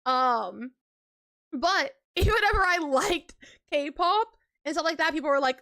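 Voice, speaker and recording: A young woman chatting casually on a live stream, animated and slangy, laughing often between lines. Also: sits high, slow, dry recording, studio quality.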